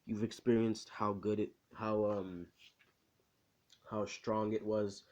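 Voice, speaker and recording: A man voicing a proud, indignant older male hero who scolds in a formal way, in a low voice. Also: little pitch movement, slow, darkish tone, dry recording.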